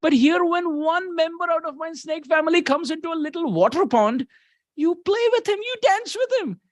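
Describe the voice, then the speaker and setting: Indian man doing a high, playful divine elder brother, teasing and laughing, dry close sound. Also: lively intonation, moderate pace, no echo.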